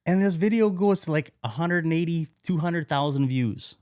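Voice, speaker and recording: A man's voice: a little high, normal speed, darkish tone, clear, resonant tone, no room sound, clean studio sound. A man talking as a podcast guest, telling his own story candidly, swearing freely and acting out what he said back then. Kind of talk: casual storytelling interview.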